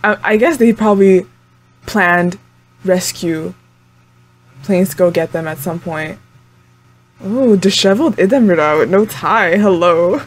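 A woman's voice: fairly low pitch, measured pace, pauses often. A young woman hosting a reaction video, chatting casually to the screen with frequent exclamations and laughs. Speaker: anime reaction channel host.

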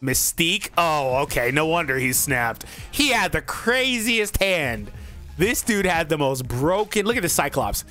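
Excitable young man narrating card game. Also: fairly high pitch, unhurried, faint music behind. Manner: excitable, laughs often, talks to himself while playing. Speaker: gaming channel host. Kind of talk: live card game commentary.

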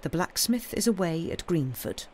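A woman reading the lines of a stern, pious male curate in a quiet, grave manner, from a storybook. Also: lowish voice, sing-song, moderate pace, slight background noise.

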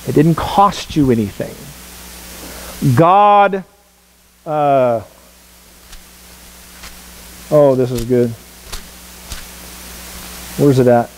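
A man's voice: mid-range voice, a little mellow, a little hiss or hum, low-quality recording. A man preaching a sermon as pastor, emphatic, repeating words for stress and asking the congregation questions. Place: church sanctuary.

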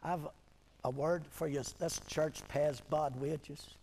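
A man's voice: a little high, fairly even intonation, slow, darkish tone, a little hiss or hum. An older man, preaching a sermon as pastor with emphatic, repeated rhetorical questions. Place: church hall. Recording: hall echo on old video tape.

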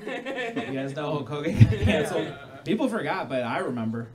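Deadpan stand-up comedian, crowd roaring. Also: male voice, fairly high pitch, fairly quick. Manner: deadpan, dark jokes with sudden loud bursts. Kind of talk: live stand-up set. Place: small hall before a live audience. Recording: live room with loud crowd laughter. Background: crowd laughter.

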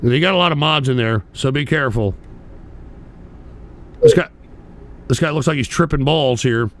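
A man hosting a livestream, mocking and swearing loudly at his guests. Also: medium pitch, moderate pace. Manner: mocking, loud, laughing, swearing. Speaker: livestream host. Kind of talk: profane livestream commentary.

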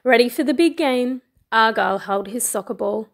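A woman who teaches primary school, reading a picture book aloud in a slow, expressive storytelling way. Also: on the high side.

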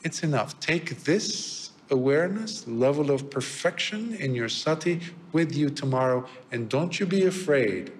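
A man voicing a gentle old male sword master who calmly reassures a frightened visitor. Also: a little high, a little slow, hardly any pauses, a little hiss or hum. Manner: soft, calm, reassuring.

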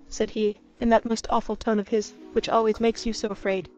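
Woman reading an old kids' story, even steady tone, bit muffled, soft music behind. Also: on the high side, a little fast, few pauses. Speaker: audiobook reader. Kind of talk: scripted storybook narration. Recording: slightly muffled with faint music.

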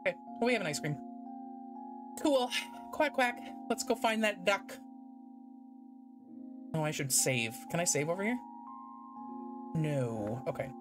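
Chatty woman with lively pitch. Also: a little slow, pauses often. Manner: casual and chatty, reads game text aloud. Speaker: streamer. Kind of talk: let's play commentary. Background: game music.

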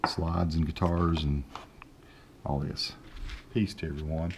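Man, Southern accent, very low pitch, folksy, rambling, close handheld mic. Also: flat delivery, slight background noise. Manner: folksy and rambling, dictates slowly and deliberately. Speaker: tech video host. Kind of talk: casual screen-recorded tutorial. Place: home desk. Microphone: handheld microphone held close.

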